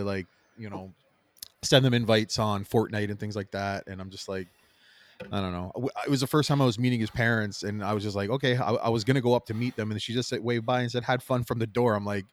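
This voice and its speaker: A man co-hosting a podcast, rambling through animated stories and acting out what people said. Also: lowish voice, dry recording. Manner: rambling, animated storyteller who acts out quotes. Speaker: podcast co-host. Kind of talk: casual chat.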